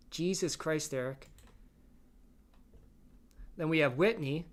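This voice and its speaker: An online drama commentator doing reaction commentary, reading chat comments aloud in a flat, weary way with exasperated asides. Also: medium pitch, moderate pace.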